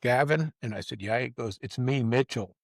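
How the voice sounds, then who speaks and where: An older man hosts a relaxed conversation and spins loose, rambling anecdotes with colorful language. His voice sits in an ordinary middle pitch. It is recorded close, with a dry sound and no room echo. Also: normal speed. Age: 50s or older. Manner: rambling, swearing, restarts and acts out quotes. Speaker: podcast host. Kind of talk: casual storytelling chat.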